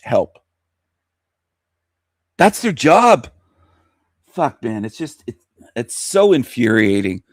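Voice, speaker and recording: A furious man on his radio show, cursing and circling back to his point. His voice is mid-pitched and sits in a dry, close recording with no room sound. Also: dry recording. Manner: heated, swearing, repeats himself. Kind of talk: angry profane radio rant.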